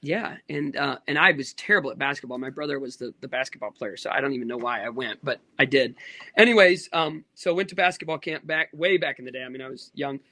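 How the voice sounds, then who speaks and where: A man in his thirties, a pastor, telling stories in casual conversation, rambling with quick asides and restarts. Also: medium pitch, bright, forceful tone, no echo.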